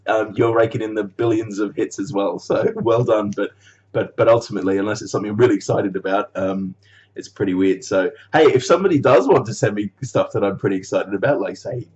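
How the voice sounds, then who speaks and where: A man's voice: fairly low pitch, fairly quick, darkish tone, dull audio. A man chatting casually in a rambling way on his video blog. He laughs often, swears freely and trails off mid-thought. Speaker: animator vlogger.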